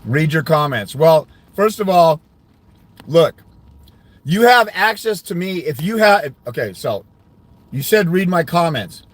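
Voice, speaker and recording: A man's voice: on the high side, animated, a little slow, dry recording. A man giving fathers' rights custody advice, ranting indignantly during a livestream while answering comments.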